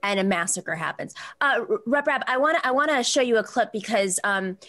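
A woman hosting a talk show, telling a personal story in a quick, animated way with many restarts. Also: fairly high pitch. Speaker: host.

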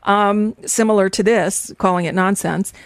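A woman's voice: medium pitch, steady tone, moderate pace, no echo. Woman cohost talking politics, chatty, restarts a lot, mid voice. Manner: conversational, restarts while reading tweets. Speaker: podcast co-host. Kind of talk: casual political chat.

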